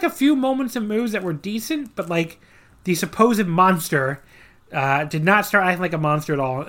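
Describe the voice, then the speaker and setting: A man's voice: sits high, bright, forceful tone. Man, podcast co-host, casual recap, sarcastic, lots of ums and likes. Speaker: podcast co-host reviewing wrestling matches.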